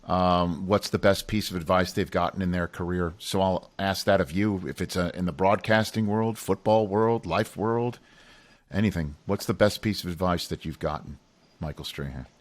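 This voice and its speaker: A man's voice: deep voice, normal speed. A man hosting a casual interview, easygoing and jokey. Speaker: talk show host.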